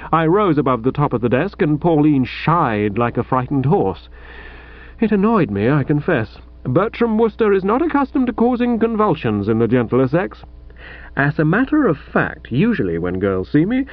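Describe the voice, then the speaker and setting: Male narrator, comic novel, wry mock-grand delivery, lively pitch, muffled dry audiobook sound. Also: no room sound. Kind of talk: comic first-person novel reading.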